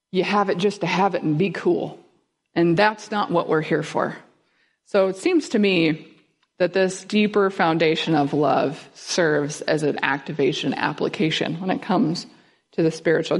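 Lady preaching a sermon, kinda low voice, chatty and asks the room questions. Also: a little slow, husky. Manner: conversational, asks the audience questions. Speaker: guest speaker. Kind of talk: sermon teaching.

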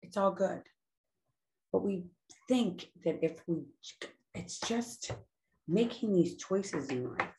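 A woman's voice: on the low side, lively intonation, slow pace, long pauses, darkish tone, slight background noise. Earnest, rambling woman talking about sobriety. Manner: earnest, rambling, self-correcting. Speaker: recovery speaker. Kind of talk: casual spoken talk on sobriety.

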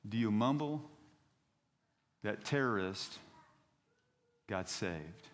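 Animated preacher in his fifties, echoing hall. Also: lowish voice, slow. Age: 50s. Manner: animated storytelling preacher, voice rising to shouts on scripture. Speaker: pastor. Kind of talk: sermon. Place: church.

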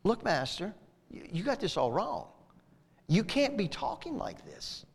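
A preacher voicing the apostle Peter, who pleads, stammers and lectures in a patronizing way. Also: male voice, high-pitched, very animated, a little slow, vocal fry, slightly rough, long reverb tail, pitched above the performer's own voice, exaggerated voice. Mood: pleading, patronizing.

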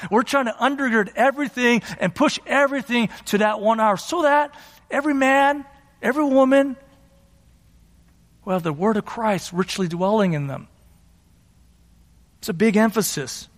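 A man's voice: very high voice, a bit bright, in a large hall. A middle-aged man preaching a sermon as a pastor, emphatic and exhorting, often repeating his phrases. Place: church sanctuary.

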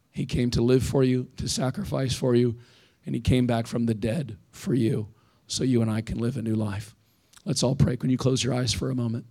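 A man's voice: medium pitch, a little mellow. Earnest conversational man preaching a sermon. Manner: conversational and earnest, with emphatic repeated phrases. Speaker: pastor. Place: church sanctuary.

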